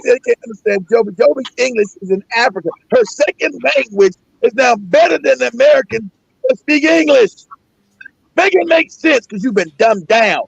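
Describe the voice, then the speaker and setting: A man's voice: extremely high pitch, gravelly, breathy edge, no echo. A middle-aged man hosting a casual talk show, ranting emphatically with plenty of profanity and repetition. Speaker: host. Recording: dull lo-fi sound.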